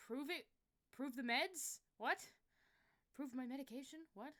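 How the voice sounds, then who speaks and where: A woman chatting casually on a livestream, excitable and foul-mouthed, who yelps and swears when things go wrong. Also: high-pitched, a little slow. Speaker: streamer.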